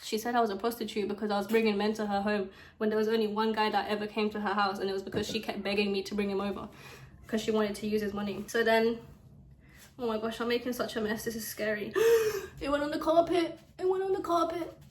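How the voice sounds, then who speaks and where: A young woman with a British accent telling a story time in a chatty, dramatic way, with quick asides. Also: mid-range voice. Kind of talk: casual storytime chat while doing makeup. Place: bedroom at home. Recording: echoey room.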